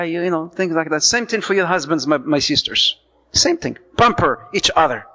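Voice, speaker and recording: A man giving a lively sermon on marriage as a preacher, telling stories, acting out the people in them and mixing in Arabic phrases. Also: high voice, in a large hall, poor audio. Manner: lively storytelling, acts out quoted voices, mixes in Arabic phrases.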